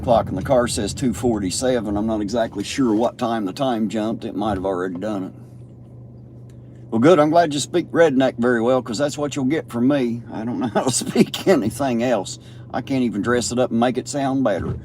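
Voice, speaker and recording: A man's voice: mid-range voice, brisk, a little mellow. A man, hosting a casual livestream from a car at night, plainspoken and swearing freely as he answers chat. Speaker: livestream host reading chat. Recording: car and road noise behind.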